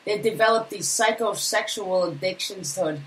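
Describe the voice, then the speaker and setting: A woman's voice: mid-range voice, normal speed, poor audio. A woman co-hosting a live talk show beside her husband, venting bluntly and indignantly. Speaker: co-host, host's wife. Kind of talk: casual live talk radio.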